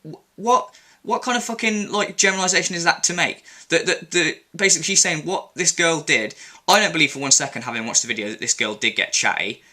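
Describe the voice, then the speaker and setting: A man's voice: a little high, brisk, bright, forceful tone. A young man ranting angrily in an opinion vlog, indignant, sweary and sarcastic. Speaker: commentary vlogger. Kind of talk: angry opinion rant.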